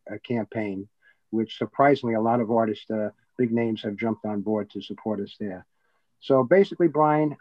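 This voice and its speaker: A man speaks at a middle pitch in a casual interview, wandering through his sentences with frequent fillers and false starts. He sounds slightly out of breath. The audio is muffled and lo-fi, with no room echo at all. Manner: rambling, many fillers and restarts. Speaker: guest, entertainment producer. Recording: dull, dry lo-fi audio.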